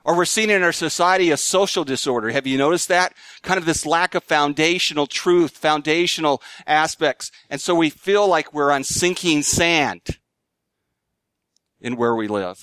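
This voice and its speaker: Earnest male preacher, smooth voice. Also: moderate pace, no room sound. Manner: earnest preaching, dramatic shifts between emphatic highs and hushed lows. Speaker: pastor. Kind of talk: sermon.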